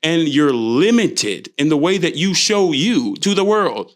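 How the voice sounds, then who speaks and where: A young man talks through his solo podcast in a loose, playful way and keeps slipping into little quoted voices. His pitch sits a bit high and swings widely from line to line. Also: big pitch swings, measured pace. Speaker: podcast host. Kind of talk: solo motivational podcast talk.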